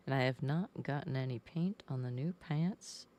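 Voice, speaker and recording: A woman's voice: a bass voice, normal speed, hardly any pauses, dark tone. A woman painting on a live stream, chatting casually as she greets her viewers and talks to her cat.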